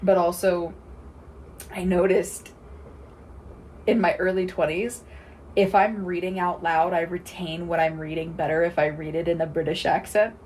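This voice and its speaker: A woman in her twenties co-hosting a podcast, chatting casually, playful and quick to laugh. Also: lowish voice, level tone, a little mellow, a little hiss or hum. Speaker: podcast co-host. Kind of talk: casual chat.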